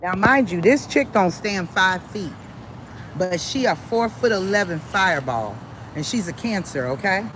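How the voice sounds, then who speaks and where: A woman chats to her live stream audience, telling a story in a blunt, cussing, animated way. Her voice sits at a middle pitch. Steady noise and passing vehicles run behind her. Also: measured pace. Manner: blunt, profane and animated, often laughing. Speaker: psychic reader hosting a live stream. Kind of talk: casual storytelling to a live chat.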